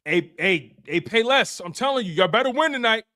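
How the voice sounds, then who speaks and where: High-voiced man hosting a sports show. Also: fairly quick. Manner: animated, repetitive, playful trash talk to chat. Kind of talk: casual live-stream sports talk.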